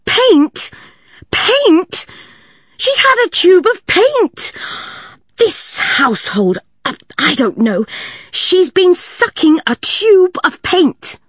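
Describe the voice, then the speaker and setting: A woman voicing a fussy, tut-tutting health visitor who turns shrill when horrified. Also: expressive, unhurried, no echo.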